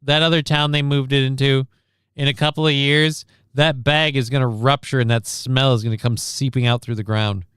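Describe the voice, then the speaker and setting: A man's voice: medium pitch, fairly even intonation, moderate pace, fairly bright tone, clean tone, no echo, clean studio sound. A man streaming casual reaction commentary on a news clip, sarcastic and rambling, reading chat comments aloud.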